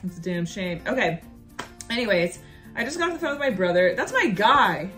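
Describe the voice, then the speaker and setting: A woman's voice: mid-range voice, very animated, normal speed, sharp tone, soft background music. A young adult woman, a stand-up comedian, talking to camera in a sassy, playful monologue and stretching words out for emphasis.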